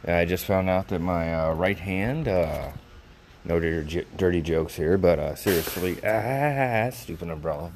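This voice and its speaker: An older male vlogger rambles casually to his viewers, swearing and using lots of fillers. His voice is low, a little slow, and darkish in tone, with a little hiss or hum in the recording.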